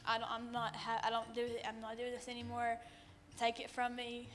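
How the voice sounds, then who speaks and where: A teenage girl, giving an emotional church testimony in a shaky, halting way with many ums. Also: a little high, monotone. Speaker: youth group member giving a testimony. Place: church sanctuary.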